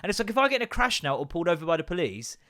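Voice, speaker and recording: A man's voice: high-pitched, sing-song, rapid-fire, a bit bright, no room sound, clean studio sound. A man, hosting a casual podcast and rambling, swearing and mocking himself as he talks. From England. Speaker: podcast host. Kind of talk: casual solo podcast rant.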